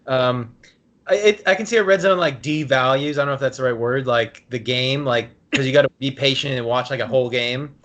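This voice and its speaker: A man of middling pitch rambles through casual podcast chat, leaning on fillers and throwing in jokes. He keeps the talk loose and offhand. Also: fairly quick, a bit bright, lo-fi sound. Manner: rambling, heavy use of filler "like", joking. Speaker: podcast co-host.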